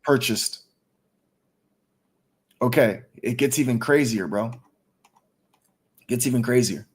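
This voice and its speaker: A man hosting a casual livestream, talking excitedly and cursing freely. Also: mid-range voice, takes it slowly, husky. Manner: excited, profane, hyped up. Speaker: stream host.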